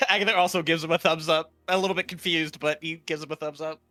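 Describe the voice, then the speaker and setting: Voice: medium pitch, steady tone, fast, bright, forceful tone, dry recording, soft background music. A player in a tabletop role-playing game, narrating their character's actions with playful giggles. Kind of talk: tabletop role-play chat.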